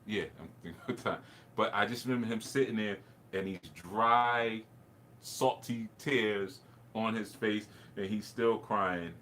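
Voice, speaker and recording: A man's voice: fairly low pitch, steady tone, measured pace, fairly bright tone, a little hiss or hum. A man, a spiritual teacher, telling a personal story in a rambling, reflective way, with laughs and restarts.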